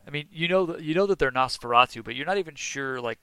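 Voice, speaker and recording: Bright, crisp-voiced man running the game. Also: a little high, fast, dry recording, rough recording. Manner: relaxed, chatty, joking asides. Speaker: game master. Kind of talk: narrating a tabletop game.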